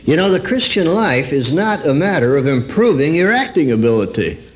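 A man giving an earnest personal testimony sermon, swinging between high emphatic phrases and low drawn-out words. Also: big pitch swings. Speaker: preacher. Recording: dull lo-fi recording.

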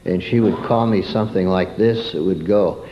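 A man's voice: deep voice, normal speed, highs cut off, a little hiss or hum. A man preaching a sermon through a homespun childhood story, turning to ask his listeners questions.

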